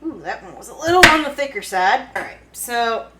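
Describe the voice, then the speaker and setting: A woman's voice: a little high, expressive, a little fast, very noisy. A woman with a Kentucky accent, chatting and giggling casually as she cooks in her home kitchen for a cooking vlog. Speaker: cooking vlogger.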